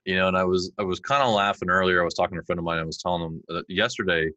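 A man in his forties, a podcast guest, chatting and telling animated stories where he acts out his kids' lines. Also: low-pitched, racing, dry recording, muffled recording. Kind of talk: conversational interview.

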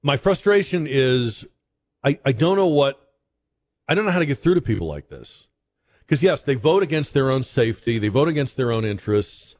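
A man hosting a talk radio show, commenting in a conversational, halting way with frequent fillers and restarts. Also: mid-range voice, animated, a little mellow.

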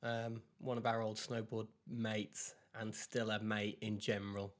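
A man's voice: lowish voice, flat delivery, a little slow. A man co-hosting a casual podcast, telling stories in a chatty way. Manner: chatty storyteller. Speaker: podcast co-host. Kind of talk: casual chat.

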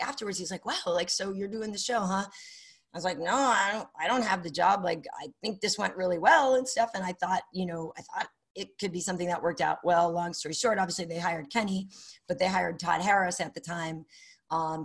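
Sports tv host lady on a podcast, animated, does little voices when she tells a story. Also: on the low side. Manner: animated, acts out quoted dialogue. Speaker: sports broadcaster, podcast guest. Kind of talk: casual interview storytelling.

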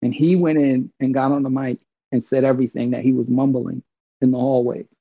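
Gravelly guy spinning animated stories, husky voice, kinda muffled dry recording. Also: medium pitch, a little fast, dry recording. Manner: animated, profane, acts out quotes. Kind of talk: casual storytelling chat. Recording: slightly dull dry recording.

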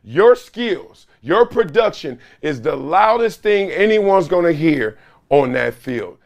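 A middle-aged man hosting a solo sports commentary show, talking in an animated, sarcastic way with loud whoops, his voice hoarse. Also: fairly high pitch, takes it slowly, dull audio.

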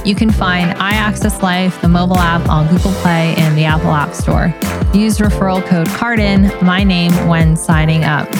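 Woman, podcast host, lowish pitch, upbeat and promotional, loud background music. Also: normal speed. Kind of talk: podcast intro and interview.

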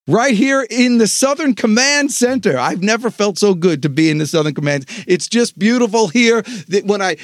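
A man hosting a sales podcast, delivering an energetic motivational pep talk with dramatic pauses. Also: very high voice, no echo, clean studio sound. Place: home studio.

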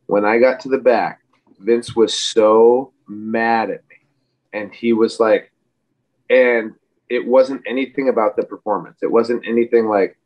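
A man's voice: mid-range voice, steady tone, unhurried. Rambling man on dull lo-fi audio. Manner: rambling, full of fillers and restarts. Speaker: podcast guest, wrestler. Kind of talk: casual interview chat.

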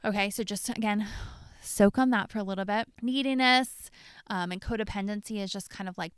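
A woman's voice: mid-range voice, a bit bright, smooth, dry recording, studio quality. A young adult woman coach talking candidly on her podcast, open about her own mistakes, with many "like"s and "you know"s. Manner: candid, self-disclosing, lots of fillers like "like" and "you know". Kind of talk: reflective solo podcast talk.

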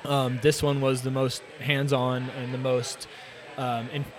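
A tired man chatting in a relaxed, hesitant way with plenty of fillers. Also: mid-range voice, measured pace. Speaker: brewer. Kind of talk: casual podcast chat. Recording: crowd noise in background.

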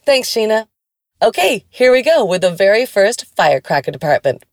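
A woman's voice: mid-range voice, sing-song, moderate pace, a little mellow. Enthusiastic woman hosting a podcast. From Canada. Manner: enthusiastic, gushing. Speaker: podcast host. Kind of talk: podcast intro and interview.

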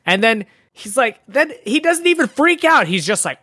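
Female podcast co-host, lively swooping voice, profane, dry close sound. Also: on the high side, normal speed, no echo. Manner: animated, acts out scenes, profane. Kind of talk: casual movie review chat.

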